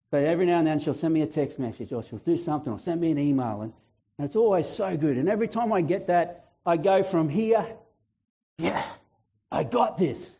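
A male pastor preaching a lively sermon, acting out voices and chatting with the congregation. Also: fairly high pitch. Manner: animated, acts out biblical voices, chatty asides; fluent, breaks into a shout.

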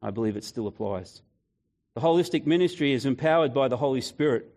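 A man's voice: medium pitch, expressive, a little fast, a little mellow. A man preaching a conversational sermon, telling personal stories and speaking directly to the congregation.

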